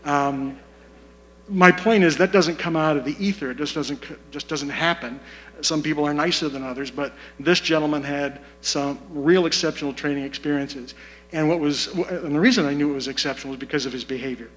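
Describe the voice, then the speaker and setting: Man, community forum speaker, slightly high voice, deliberate and measured. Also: poor audio. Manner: measured, deliberate, repeats key points. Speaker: community meeting participant. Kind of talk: public comment at a community forum. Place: meeting room.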